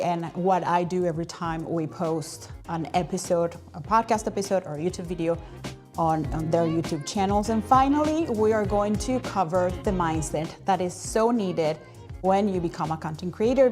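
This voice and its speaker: Energetic chatty woman hosting a live stream. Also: lowish voice. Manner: energetic, chatty, many fillers. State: out of breath. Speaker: host.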